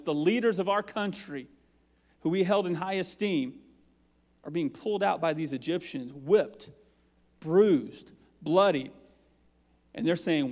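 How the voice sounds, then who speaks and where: A man preaching a sermon as pastor, with passionate rising and falling intensity. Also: high voice. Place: church sanctuary. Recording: long hall reverb.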